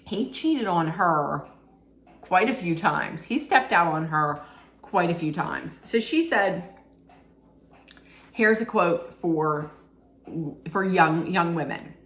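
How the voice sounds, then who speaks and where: A woman vlogger gives casual commentary in a slow, unhurried way. She tells it like frank gossip and speaks straight to her viewer. The room around her rings with echo. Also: fairly low pitch, lively intonation, fairly bright tone. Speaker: vlogger reviewing a documentary. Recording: echoey room.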